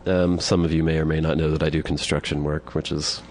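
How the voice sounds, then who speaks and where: Very low male voice, podcast co-host, rambling crude storytelling, deadpan. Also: brisk, slight background noise. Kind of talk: casual anecdote telling.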